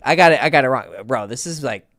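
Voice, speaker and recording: A man's voice: mid-range voice, expressive, quick pace, a bit bright, dry recording, studio quality. Rambling, profane male dating coach. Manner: rambling, profane, self-correcting. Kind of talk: casual storytelling.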